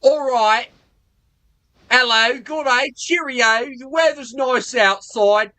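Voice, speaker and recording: A man's voice: extremely high pitch, slow, sharp tone, pitched above the performer's own voice, heavily acted. A man putting on an exaggerated British accent, playing a British man ordering in a restaurant, mock-posh and drifting off the accent.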